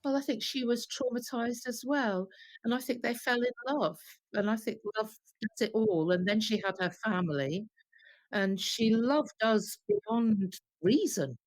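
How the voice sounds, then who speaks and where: A woman guest singer telling lively, animated anecdotes in an interview, acting out the quotes. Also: fairly high pitch, unhurried, no echo. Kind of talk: storytelling interview.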